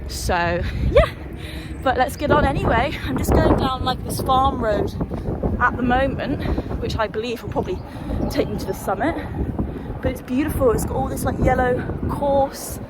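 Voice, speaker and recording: A woman's voice: high voice, moderate pace. A woman chatting casually and swearing freely as she vlogs a hill walk outdoors, holding the camera herself. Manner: chatty, sweary, self-deprecating. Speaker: hiking vlogger. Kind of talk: casual vlog chat while walking. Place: windy hillside outdoors. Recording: windy outdoor noise.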